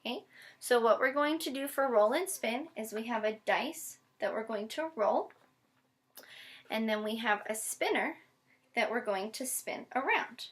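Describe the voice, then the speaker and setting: A woman teacher giving a patient one-on-one phonics lesson, modeling each step slowly and spelling words out letter by letter. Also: on the high side, expressive. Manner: slow, deliberate modeling with frequent check-ins. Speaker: special education teacher.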